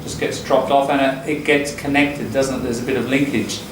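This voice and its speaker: A man teaching an English class, explaining pronunciation patterns in a relaxed way and repeating phrases to model them. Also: medium pitch, a little fast, noisy background. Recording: echoey classroom recorded from a distance.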